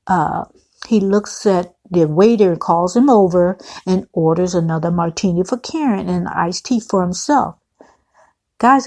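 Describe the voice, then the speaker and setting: A woman talks viewers through a TV episode in a casual, opinionated vlog. Her voice sits low and creaky. She takes her time and often calls her viewers guys. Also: mellow. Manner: chatty, opinionated, keeps addressing viewers as guys. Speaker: TV recap vlogger. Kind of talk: casual episode recap with commentary.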